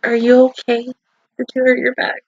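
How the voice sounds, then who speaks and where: A woman's voice: fairly high pitch, completely flat delivery, moderate pace, breathy edge, no room sound, muffled recording. A woman hosting a casual anime reaction video, laughing often and cooing baby talk at her dog.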